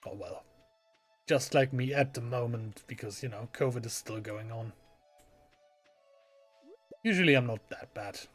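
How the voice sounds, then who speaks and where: A man's voice: medium pitch, unhurried, long pauses, faint music behind. A man giving casual, chatty let's play commentary with a self-deprecating streak, reading game lines aloud. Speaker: gaming channel host.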